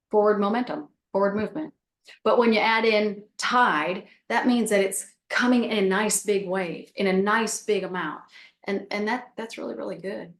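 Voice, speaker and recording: Woman teaching with lots of repetition. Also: medium pitch. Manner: repeats phrases, acts out self-talk examples. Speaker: guest teacher. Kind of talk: casual spiritual teaching on a call. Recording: roomy echo.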